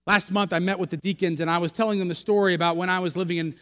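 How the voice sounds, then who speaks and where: In a church sanctuary with long hall reverb, an American male pastor with a high, steady, fairly bright and clean voice races through a sermon story. It's chatty and self-deprecating, full of restarts and asides to the congregation.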